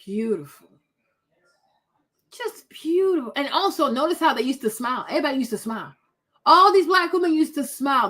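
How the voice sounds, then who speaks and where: A woman host giving casual reaction commentary on pictures, animated and exclaiming, repeating herself a lot. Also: sits high. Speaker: commentary vlogger.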